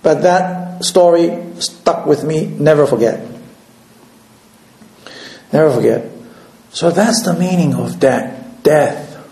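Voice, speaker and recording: Guy preaching slow, kinda high voice, stops and repeats words a lot. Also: warm tone, roomy sound, low-quality recording. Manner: halting, repeats words, second-language English. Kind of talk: sermon storytelling.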